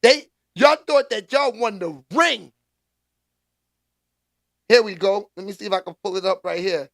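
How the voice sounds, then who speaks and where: A man hosting a vlog, giving casual and animated sports commentary in slangy talk, laughing often. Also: high voice, unhurried, creaky, no room sound, clean studio sound. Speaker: vlog host.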